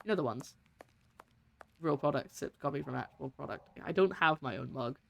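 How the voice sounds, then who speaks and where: A woman's voice: low voice, normal speed, gravelly. A woman streaming a game, giving casual, giggly, rambling commentary.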